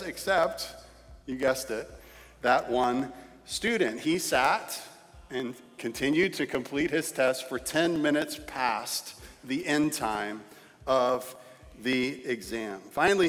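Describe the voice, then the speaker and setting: A man preaching a sermon as pastor, telling a story and then reading scripture, with shifting pace and loudness for emphasis. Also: medium pitch. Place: church sanctuary. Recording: long reverb in a church hall.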